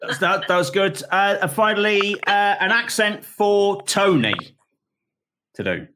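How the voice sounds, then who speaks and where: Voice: medium pitch, expressive, measured pace, fairly bright tone, slight background noise. A host running a comedy panel, calling on guests and reading out comments in an upbeat, chatty way.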